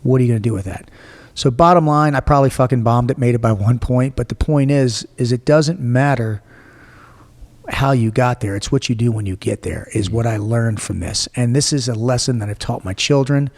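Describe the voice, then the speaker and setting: A gravelly man in his forties tells his life story bluntly, swearing freely. His voice has a rough edge and trails off into a long reverb. He sounds animated and plain-spoken. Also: medium pitch, a little fast. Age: 40s. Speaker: guest. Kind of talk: casual storytelling interview.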